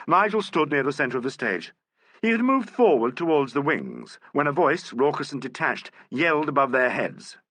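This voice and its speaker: A man narrating a classic mystery novel as an audiobook in an expressive, even-paced way. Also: a little high, moderate pace, no echo.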